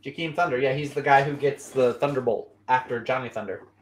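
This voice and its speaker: A man's voice: mid-range voice, a little fast. A man co-hosting a casual chat, talking loosely with many fillers. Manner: chatty, with fillers like "uh" and "like".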